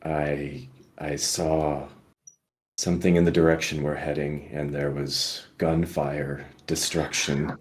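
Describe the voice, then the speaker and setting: A man voicing a grim male vampire seer who mutters his warnings in a very deep, low voice during a tabletop role-play. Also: level tone, slow. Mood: grave.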